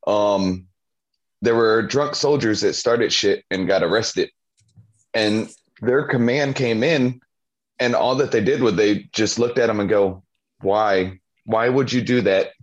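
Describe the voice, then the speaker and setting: A man's voice: lowish voice, measured pace. A man co-hosting a podcast, telling a laughing anecdote in casual chat. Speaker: podcast co-host. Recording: dull lo-fi sound.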